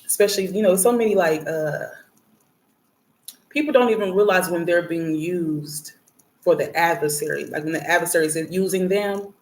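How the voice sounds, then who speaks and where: A woman's voice: lowish voice, normal speed. A woman hosting a spiritual reading and prayer message, talking casually and bluntly to viewers, swearing and laughing as she rambles. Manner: blunt and profane, laughing, animated when ranting.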